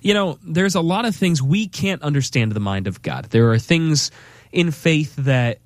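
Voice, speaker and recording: A man's voice: a little high, expressive, unhurried, no room sound, studio quality. A man on a faith talk show, sharing his faith in a sincere, reflective way that halts now and then.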